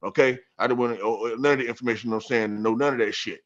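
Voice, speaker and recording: On a podcast, a male guest with a mid-range voice tells a story about scripture at a quick clip, speaking casually, profanely and with street-smart flair. He grows animated and repeats himself. The recording sounds dull and lo-fi.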